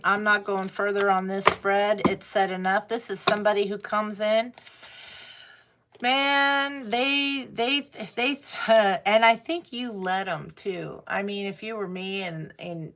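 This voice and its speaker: Female tarot reader, unhurried delivery, blunt and profane with laughter. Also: medium pitch, fairly bright tone, slight background noise. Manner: blunt, swears freely, laughs while talking. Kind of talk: casual tarot reading talk.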